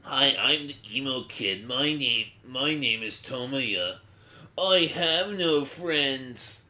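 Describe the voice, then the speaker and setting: A man's voice: medium pitch, takes it slowly, exaggerated voice. A man doing a mopey young emo loner. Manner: flat, mopey. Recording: echoey room.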